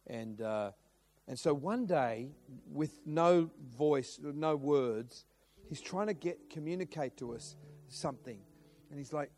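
A man's voice: a little high, animated, slow, a little mellow, faint music behind. A middle-aged man preaching a sermon, telling a story with lots of restarts and acted-out quotes. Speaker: pastor.

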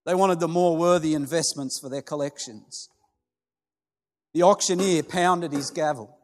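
A man telling a parable in a sermon, in a slow, dramatic storytelling way. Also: on the high side. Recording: long hall reverb with soft music.

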